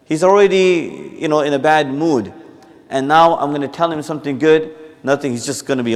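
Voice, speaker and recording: A man's voice: a little high, lively intonation, moderate pace. A man giving a conversational Friday talk in a mosque, explaining points with acted-out examples and frequent restarts. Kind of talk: sermon.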